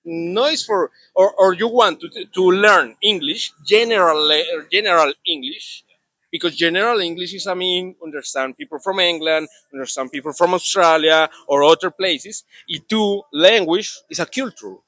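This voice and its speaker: Bright-voiced Colombian man, halting English. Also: high-pitched, no echo. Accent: Colombian Spanish. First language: Spanish. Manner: halting non-native English with many restarts. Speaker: interviewee. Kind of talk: casual interview talk.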